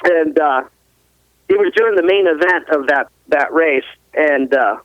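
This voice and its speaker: Brief: high-voiced laughing racer, rambling stories, tinny dry phone line. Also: male voice, measured pace, no room sound. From US West Coast. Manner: laughs often, rambling, animated. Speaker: guest, ATV racer. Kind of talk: casual storytelling interview.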